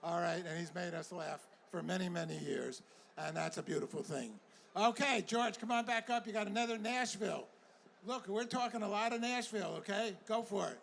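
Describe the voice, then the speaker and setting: A man hosting a live outdoor event, stressing key points slowly and emphatically. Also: sits high, vocal fry, a bit bright, a little hiss or hum. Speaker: event host. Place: outdoor event in a city square.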